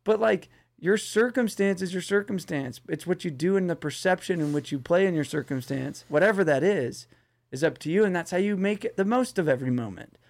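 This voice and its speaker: An entrepreneur guest on an interview, a man who tells blunt, animated stories and breaks into laughter often. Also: high voice, a little fast, vocal fry. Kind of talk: casual interview storytelling.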